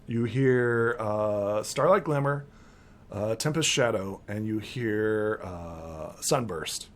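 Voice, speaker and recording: A man's voice: fairly low pitch, slow pace. A man narrating a tabletop role-playing game as game master, rambling with many fillers.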